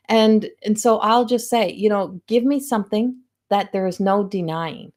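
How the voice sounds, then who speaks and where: A woman's voice: medium pitch, a little mellow. A middle-aged woman hosting a psychic medium livestream from home, chatting casually and animatedly to viewers, often acting out quoted voices.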